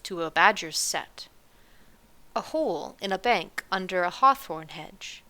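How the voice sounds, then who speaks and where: A woman voicing an anxious, scolding tiny mother in a storybook reading, sharp and emphatic. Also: fairly low pitch, animated, a little slow. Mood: explaining.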